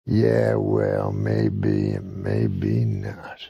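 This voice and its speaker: A man with a husky, gravelly voice voicing a rude, loud male redneck customer while telling a joke. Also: a bass voice, sing-song, extremely slow, dry recording, lo-fi sound, voice pushed down, exaggerated voice. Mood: belligerent.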